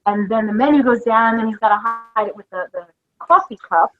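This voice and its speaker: A woman's voice: a little high, fairly quick, narrow, tinny audio, faint music behind. A woman hosting a podcast, chatting casually and enthusiastically while recounting scenes from a show. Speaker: podcast host.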